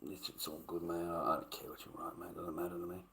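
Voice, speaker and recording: A man's voice: low-pitched, completely flat delivery, quick pace, creaky, sharp tone, a little hiss or hum. An Australian man livestreaming, ranting in a blunt, profane way and repeating his points. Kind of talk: casual live stream rant.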